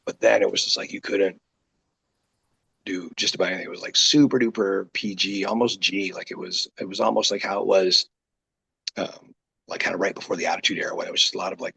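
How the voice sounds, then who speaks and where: A man with a raspy, deep voice, a guest wrestler telling rambling stories in a casual interview. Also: fairly quick, rough recording. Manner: rambling, animated, full of quoted asides.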